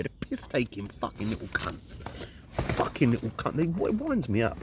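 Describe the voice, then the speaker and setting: Swinging hugely in pitch around a medium register, with a breathy edge and normal speed, a man from Luton with a Luton accent rambles through an indignant, expletive-packed rant.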